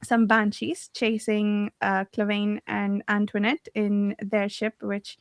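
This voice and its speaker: A woman leading a casual book club discussion, chatty and quick to laugh, often correcting herself mid-sentence. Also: medium pitch, monotone, dry recording.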